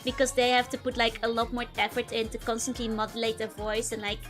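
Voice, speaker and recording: A woman streamer chatting casually with her viewers in a squeaky, hamster-like voice, giggling often. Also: little pitch movement, fast talker, fairly bright tone, faint music behind. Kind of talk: casual live-stream chat.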